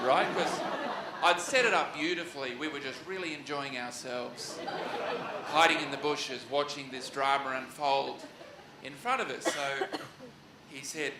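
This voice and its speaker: A man's voice: mid-range voice, normal speed. An Australian man of forty telling a comic story on stage in a chatty, rambling way. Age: 40s. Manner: chatty, rambling, laughing asides. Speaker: comedian. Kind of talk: stand-up storytelling. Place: live event hall. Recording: echoey hall with loud background noise.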